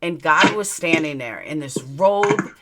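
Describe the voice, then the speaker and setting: A woman's voice: sits low, expressive, unhurried, heavy background noise. A woman hosting a live stream and chatting casually. She tells rambling personal stories bluntly and swears freely. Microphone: webcam mic, looking into camera.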